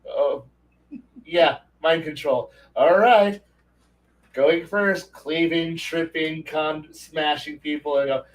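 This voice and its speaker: Man, high voice, casual gaming chat, swears a lot, animated rants. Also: slow, distant mic, low-quality recording. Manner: animated ranting, swears freely. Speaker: podcast co-host.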